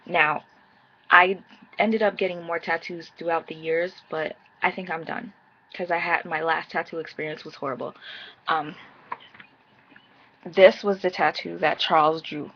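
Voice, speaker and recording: Animated woman telling a story, lo-fi. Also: fairly low pitch, unhurried, long pauses. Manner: animated, acts out quoted dialogue in casual slang. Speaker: vlogger. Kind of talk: personal storytelling to camera.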